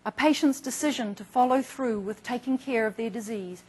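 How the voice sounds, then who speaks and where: A woman's voice: a little high, moderate pace, hardly any pauses, darkish tone, breathy edge, rough recording. Earnest woman doctor telling patient stories. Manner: earnest, storytelling, acts out patient quotes. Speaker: doctor presenting to patients and providers. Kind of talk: instructional talk with case stories.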